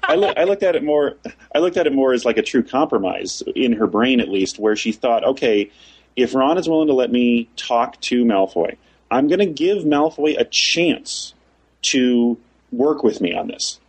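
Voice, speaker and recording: A man's voice: medium pitch, lively intonation, normal speed, slightly rough, rough recording. A man co-hosting a casual discussion of a story, thinking aloud and often restarting his phrases. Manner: thoughtful, repeats and restarts phrases.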